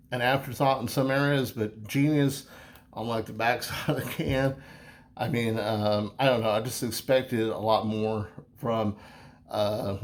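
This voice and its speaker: A man talking casually through a beer review, easygoing and chatty, rambling with many fillers and restarts. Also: on the low side.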